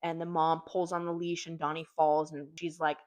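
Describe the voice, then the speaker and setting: A young woman reviewing books in an animated, chatty way, swearing casually. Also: sits low, normal speed. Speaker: book reviewer. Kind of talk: casual chat.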